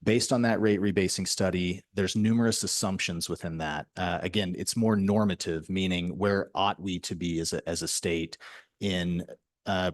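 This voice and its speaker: A man with a very low, deep voice testifies before a legislative committee as a state health director. He speaks in a measured, bureaucratic way, padding his answers with frequent fillers. The sound is dry and close, with no room echo.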